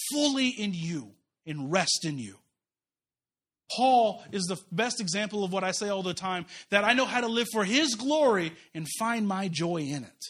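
A man from the United States preaching a sermon and reading scripture aloud, talking in an animated, conversational way with quick asides and frequent restarts. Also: sits high. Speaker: pastor.

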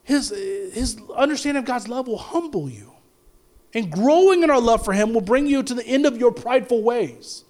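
A man preaching a sermon with passion, swinging from loud declarations to low, quiet lines, often stumbling and restarting. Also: lively intonation, moderate pace. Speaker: pastor.

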